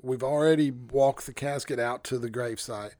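Animated male pastor telling a story. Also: mid-range voice, moderate pace, no echo. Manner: animated, self-interrupting, chuckles through his story. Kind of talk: casual storytelling on a podcast.

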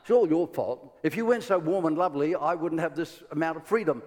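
Irish preacher telling stories in a reverberant hall. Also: male voice, a little high, quick pace. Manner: lively storytelling, stumbling restarts, laughing asides. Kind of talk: sermon.

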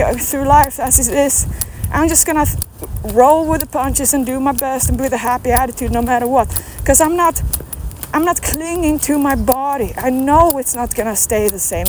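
A woman's voice: high voice, darkish tone, a little hiss or hum. A woman fitness coach giving a rambling, emphatic motivational talk outdoors, asking many questions.

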